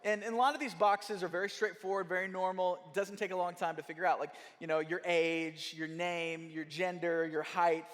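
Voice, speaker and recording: A young man preaching in a church at a quick clip, with a high-pitched voice. He tells his story in a lively way, slipping into voices for the people in it, and his words ring with the long reverb of a big hall. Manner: animated storytelling with quoted voices. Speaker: guest speaker. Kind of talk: sermon.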